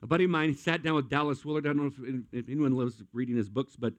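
A man's voice: medium pitch, steady tone, fast, dry recording. A middle-aged man, a pastor, preaching a sermon with humorous, self-deprecating stories.

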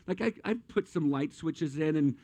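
A man's voice: fairly high pitch, moderate pace, dark tone, a little hiss or hum. A middle-aged man, a pastor, preaching a sermon with humorous, self-deprecating stories.

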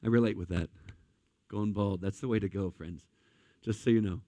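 A man's voice: lowish voice, moderate pace, dark tone, dry recording. A man preaching a sermon, telling a personal story with rising emotion and speaking directly to his listeners as friends. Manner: emotional storytelling, addresses audience as guys and friends. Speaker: pastor.

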